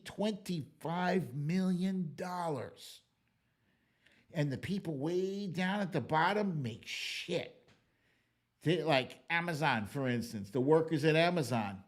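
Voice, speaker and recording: An American man hosting a political livestream, ranting in a casual, profane way and reading viewer comments. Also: high-pitched. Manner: animated, profane, ranting with loud outbursts. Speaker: livestream political show host.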